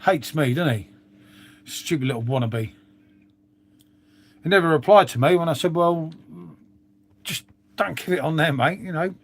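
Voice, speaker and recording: This middle-aged Londoner hosts a casual live stream, chatting to viewers in a voice on the high side at normal speed with frequent pauses. He rambles, swears plenty, and leans on "mate" and tag questions.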